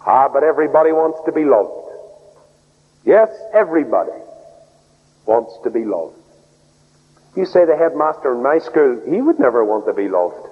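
A man preaching a sermon, swinging between loud raised outbursts and low, soft lines. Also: expressive, measured pace, long pauses, husky. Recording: tinny phone-like radio broadcast in a hall.

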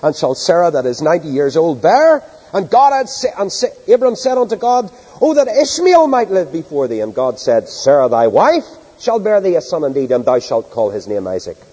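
Animated preacher in a reverberant hall. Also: male voice, a little high, normal speed, breathy edge. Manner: emphatic, dramatic reading of scripture. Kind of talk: evening sermon. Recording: long reverb of a large hall.

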